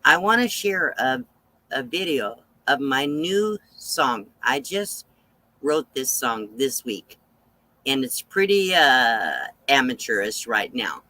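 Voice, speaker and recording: A man hosting a live stream, chatting casually and greeting viewers one by one, with many fillers and pauses. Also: mid-range voice, big pitch swings, bright, forceful tone, dry recording, low-quality recording. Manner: unhurried, halting, with many fillers. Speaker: channel host on a live stream.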